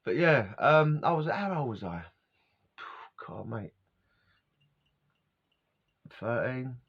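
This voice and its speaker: Extremely slow, creaky and husky, this middle-aged man's medium-pitched voice is expressive. As a vlogger on a dull lo-fi recording, he drifts casually through personal stories, frequently laughing and fumbling for words.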